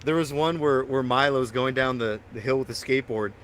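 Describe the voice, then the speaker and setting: A man's voice: medium pitch, brisk, fairly bright tone, a little hiss or hum. A man co-hosting a podcast, telling rambling, profane stories and laughing often. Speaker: podcast co-host. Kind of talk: casual chat.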